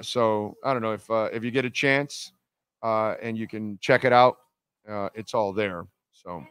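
A man's voice: fairly low pitch, fairly bright tone, smooth, no echo. A man hosting a sports talk radio show, talking bluntly in a rambling monologue full of fillers and restarts. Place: casino venue, live broadcast.

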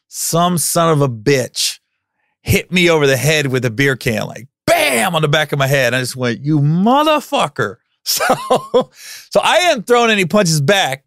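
A man in his forties talks casually on his podcast, spinning a story with lively delivery and bursts of loud acted-out dialogue. His voice sits a little high for a man, and the sound is close and dry with no room around it. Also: moderate pace, no room sound. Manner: animated, acts out quotes in loud raised voices. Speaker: podcast host.

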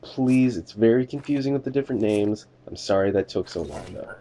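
A man's voice: fairly low pitch, animated, brisk, mellow, slight background noise. A young man giving casual, jokey game commentary, talking to the characters as a border inspector and swearing now and then. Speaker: gamer doing a let's play.

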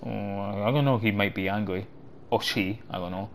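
A man hosting a gaming channel, chatting through a walkthrough in loose, halting English and getting excitable as he plays. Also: fairly low pitch, slight background noise. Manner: loose, halting non-native English phrasing. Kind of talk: gameplay walkthrough commentary.

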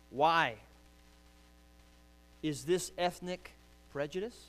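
Emphatic preaching man, hall reverb. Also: high voice. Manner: emphatic preaching, swings from hushed to loud. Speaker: pastor. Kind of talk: sermon.

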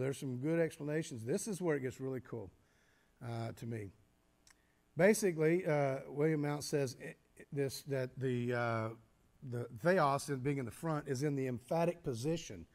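A man teaching a church Bible study, explaining step by step, posing questions and answering them himself, with frequent halting restarts. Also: on the high side. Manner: halting restarts, clears throat.

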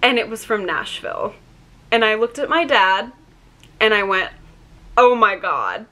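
A woman's voice: a little high, moderate pace, sharp tone. A young woman vlogger telling a personal story in a chatty, emotional way, full of "like" fillers. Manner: chatty, many "like" fillers, gets choked up.

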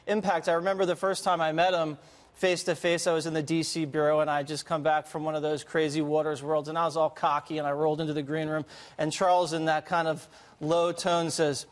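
Man, panel co-host, animated storytelling, slightly high voice. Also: fairly quick, in a large hall. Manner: animated storytelling, laughs while talking. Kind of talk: panel talk show chat.

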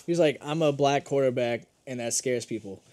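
A man's voice: mid-range voice, a little fast. A man bantering casually with friends over a game, joking and rambling. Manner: joking, rambling, swings between loud bits and mumbles. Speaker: let's play co-host.

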